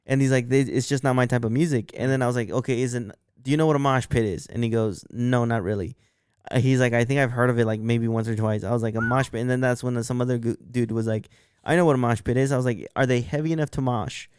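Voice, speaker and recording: A man's voice: medium pitch, fairly even intonation, fast talker, a little mellow, smooth, dry recording, clean studio sound. A man co-hosting a podcast, telling a long story in casual, profane chat and acting out what others said. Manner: rambling, profane, acts out quotes. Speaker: podcast co-host.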